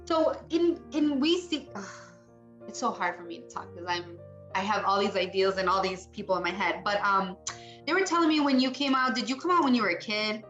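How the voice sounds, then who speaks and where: A woman's voice: medium pitch, fairly quick, a bit bright, highs cut off, faint music behind. A woman giving a psychic mediumship reading, talking in a chatty, rambling way and acting out what the spirits say. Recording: echoey room.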